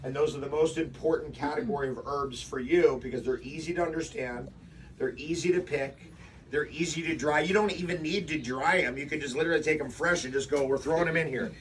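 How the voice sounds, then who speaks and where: Casual outdoor workshop leader, a man, animated talker, mic set off at a distance. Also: a little high, brisk, slight background noise. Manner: animated, acts out quotes, rhetorical questions. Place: outdoors before a forest walk.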